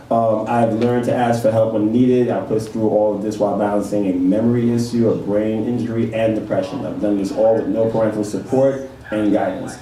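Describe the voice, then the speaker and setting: Mellow-voiced male host, echoey room. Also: lowish voice. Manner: laid-back, laughs easily. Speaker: interview host. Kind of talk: casual interview, reading quotes aloud. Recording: echoey room from far off, faint noise.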